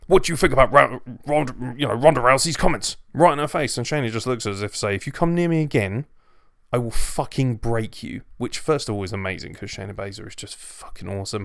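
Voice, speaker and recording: A man rants through a casual review in a blunt, sweary, emphatic way. His voice has a gravelly edge but stays smooth and resonant underneath. It is recorded close and dry, with no room sound. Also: fairly low pitch, dry recording. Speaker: wrestling show reviewer.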